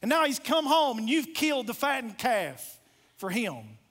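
A man's voice: very high-pitched, sing-song, a bit bright, full character voice. A man voicing a resentful older brother in a sermon retelling, protesting in exasperation. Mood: indignant. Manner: exasperated, rapid-fire protest.

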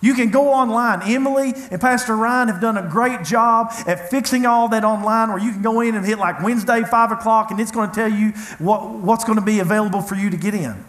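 A man's voice: high-pitched, a little fast, hardly any pauses, fairly bright tone. A man preaching a sermon, telling a personal story in an earnest, conversational way. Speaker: pastor. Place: church hall. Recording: echoey church room.

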